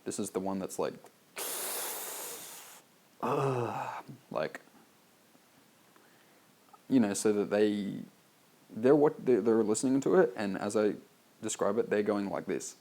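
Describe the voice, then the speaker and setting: Gravelly, low-voiced Australian man. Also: lively intonation, takes it slowly, long pauses, dark tone. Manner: loose and casual, heavy on "like", swears freely. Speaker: copywriter reviewing a sales letter. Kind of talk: reading aloud and critiquing his own copy.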